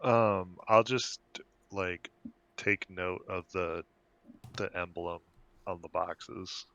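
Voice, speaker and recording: A man at a game table, a bit low and bright, close and dry-sounding. He rambles, unsure of himself. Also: fairly even intonation, takes it slowly, dry recording, highs cut off. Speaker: player.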